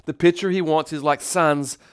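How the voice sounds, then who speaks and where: A man preaching a sermon as pastor, animated, moving between loud calls for praise and quiet storytelling. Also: fairly high pitch, normal speed, clean tone. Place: church in Tokyo.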